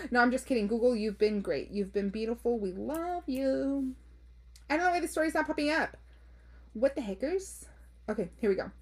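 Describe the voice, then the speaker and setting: Husky-voiced chatty woman host. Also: on the high side, darkish tone. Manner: chatty and blunt, swears, mixes in Spanish phrases. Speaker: podcast host reading listener stories. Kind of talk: casual chat.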